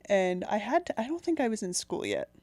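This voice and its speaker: A woman's voice: mid-range voice, huge pitch swings, fairly quick, darkish tone, no room sound. Giggly, rambling young woman storyteller. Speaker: podcast co-host. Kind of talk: casual chat, storytelling.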